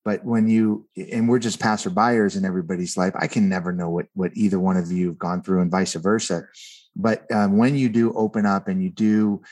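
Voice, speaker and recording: A male guest who is an author tells a personal story earnestly and conversationally, often repeating words as he begins a thought. His voice sits low, level, and a little mellow, and he speaks briskly.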